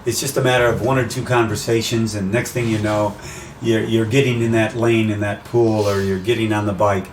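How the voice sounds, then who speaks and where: Animated man, roomy distant sound. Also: fairly quick. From USA. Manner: animated, acts out quotes with rising pitch. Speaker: race announcer guest. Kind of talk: casual interview chat. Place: outdoors by the sea. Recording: roomy and distant with faint noise.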